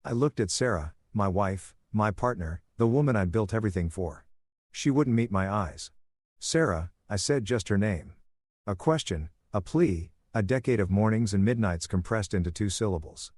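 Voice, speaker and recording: Calm, low-voiced male story narrator. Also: normal speed, no echo, studio quality. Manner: calm, soothing reading. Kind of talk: first-person story narration.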